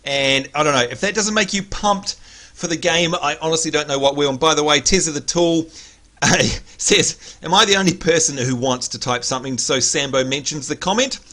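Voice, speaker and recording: Bright, excitable gaming-stream host. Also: male voice, a little high, moderate pace. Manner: excitable, chatty, addresses viewers by name. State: slightly hoarse. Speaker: livestream host. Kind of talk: casual gaming livestream chat.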